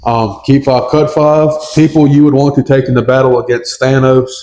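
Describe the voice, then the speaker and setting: A young man co-hosting a casual podcast, excitedly acting out movie scenes as he talks. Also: medium pitch, moderate pace. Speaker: podcast co-host. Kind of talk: casual chat.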